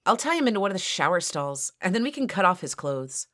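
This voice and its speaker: A woman voicing a bossy young sorority sister who gives orders briskly, in an audio story. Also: fairly low pitch, very animated, a bit bright, voice pushed up. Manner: brisk, commanding.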